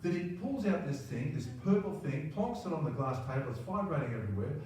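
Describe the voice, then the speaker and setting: A man's voice: a little high, lively intonation, fairly quick, a little mellow. An Australian man in his sixties telling a rambling, self-deprecating personal story, often tacking on "right?". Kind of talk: personal anecdote monologue. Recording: very roomy, distant mic, faint ambience.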